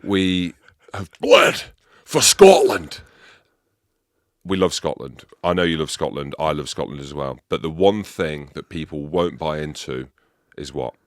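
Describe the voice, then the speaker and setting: A man's voice: rumbling low, moderate pace, hardly any pauses, no echo, studio quality. A man hosting a podcast in casual chat, leading with emphatic questions. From England. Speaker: podcast host.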